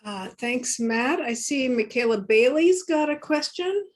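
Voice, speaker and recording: Slow-speaking woman moderating a Q&A. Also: sits high, animated.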